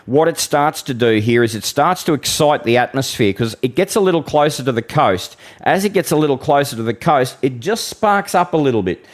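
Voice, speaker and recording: An Australian man hosting a live weather stream, talking bluntly and chattily to viewers, calling them mate. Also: mid-range voice. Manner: occasional mild swearing. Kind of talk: casual live-stream forecast with audience Q and A.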